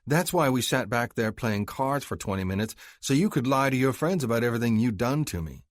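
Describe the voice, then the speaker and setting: A man's voice: medium pitch, animated, fairly quick, no echo, voice pushed up, close to an everyday voice. A man voicing a weary, wry saloon woman, his voice lifted a little, in a dry-sounding audiobook.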